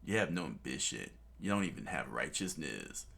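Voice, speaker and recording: A man's voice: extremely low pitch, big pitch swings, moderate pace, gravelly, fairly bright tone, pitched below the performer's own voice, heavily acted. Luffy, a man doing a laid-back cocky young pirate. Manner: laid-back, says "dude" constantly.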